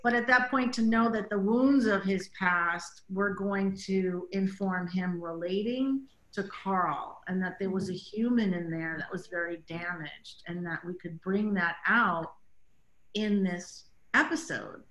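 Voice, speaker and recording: A woman's voice: medium pitch, a little slow, fairly bright tone. A woman director chatting in an interview, telling behind-the-scenes stories with many casual fillers and acted-out quotes. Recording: roomy echo.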